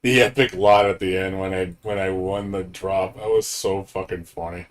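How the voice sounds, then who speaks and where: A man's voice: low-pitched, fairly even intonation, moderate pace. A man streaming games, chatting casually, swearing a lot and rambling through his thoughts. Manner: profane, laughing, rambling. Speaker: game streamer. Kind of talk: casual live-stream chat.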